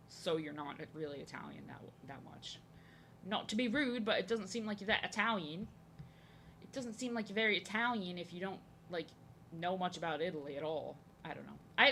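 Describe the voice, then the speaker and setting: Young woman streamer from the US, rambling art chat, bright crisp tone, slightly low voice. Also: a little hiss or hum. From United States. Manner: chatty, rambling, self-deprecating. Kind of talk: casual rambling chat while drawing.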